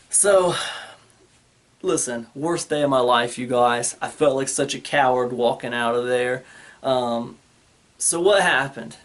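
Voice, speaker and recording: A man's voice: medium pitch, unhurried, fairly bright tone. A man hosting his own channel, telling a personal story in a casual, rambling way, full of fillers like "man" and "you guys". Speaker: channel host.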